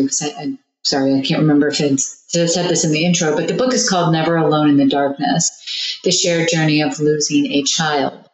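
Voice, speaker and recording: A woman with a deep voice gently guides an interview, wandering through fillers and asides. The room echoes and the sound is dull. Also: fairly even intonation, a little fast. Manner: gentle, rambling, many fillers. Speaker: podcast interviewer.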